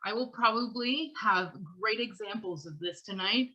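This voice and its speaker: A woman's voice: medium pitch, moderate pace, sharp tone, highs cut off. A woman teaching a vocal class, talking in long run-on phrases and laughing between thoughts. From Canada. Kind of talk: online class lecture.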